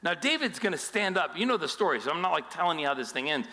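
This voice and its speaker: A male pastor giving a sermon in an animated storytelling style with jokes along the way. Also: on the high side, quick pace, big-room sound.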